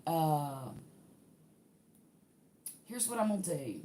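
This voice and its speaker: A woman's voice: lowish voice, expressive, extremely slow, pauses often, a little hiss or hum. An older woman, chatting casually to livestream viewers while unboxing a craft kit.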